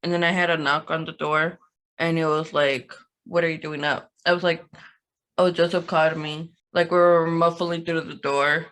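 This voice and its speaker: A woman speaking as a podcast guest in a low-key, casual way. Her pitch barely moves as she tells her story in an even, steady tone. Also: moderate pace.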